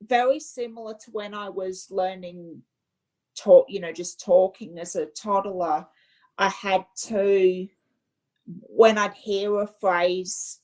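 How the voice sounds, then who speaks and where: A woman from Queensland with an Australian accent, a podcast guest who talks earnestly and haltingly, often restarting. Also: medium pitch, steady tone, a little mellow, rough recording. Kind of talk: casual interview chat.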